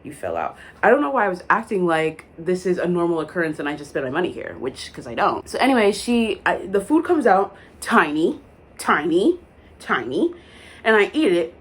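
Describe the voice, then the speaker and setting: A woman's voice: on the low side, big pitch swings, normal speed, breathy edge. A young woman vlogger telling a story in a casual, dramatic way, full of likes and asides. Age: young adult.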